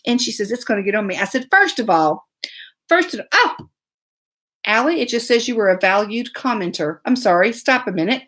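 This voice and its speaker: A woman's voice: a little high, expressive, normal speed, bright, forceful tone. A woman hosting a live show, telling a long story in a chatty, laughing way and greeting commenters as she goes. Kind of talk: casual storytelling live stream.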